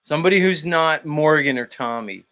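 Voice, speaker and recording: A man's voice: a little high, expressive, normal speed, a bit bright. A man hosting a morning livestream in casual chat, reading out the chat, laughing a lot and swearing. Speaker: livestream host.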